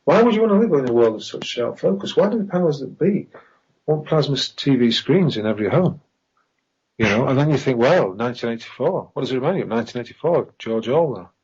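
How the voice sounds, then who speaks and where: Rambling husky-voiced man on a muffled line. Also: medium pitch, expressive, fast, darkish tone. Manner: conspiratorial, rambling, emphatic questions. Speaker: podcast guest. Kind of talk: casual podcast conversation. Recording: dull lo-fi online call audio.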